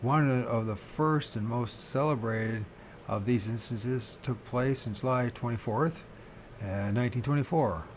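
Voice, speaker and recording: A man reading a book about strange disappearances aloud, slowly and haltingly, often restarting words and correcting himself. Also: medium pitch, a little hiss or hum. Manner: pauses to question his own pronunciation. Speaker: reader of a paranormal book.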